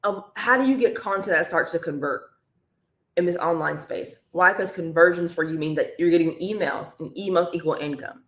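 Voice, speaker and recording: A woman coaching viewers on a live stream, chatty and energetic, calling the audience y'all. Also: fairly low pitch, normal speed, roomy sound. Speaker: online business coach.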